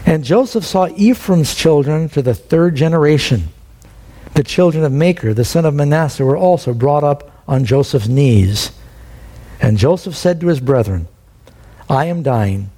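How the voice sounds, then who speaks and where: Male preacher, slightly higher mellow voice, chatty verse-by-verse sermon. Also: creaky, husky. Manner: conversational Bible teaching with lively quoted voices.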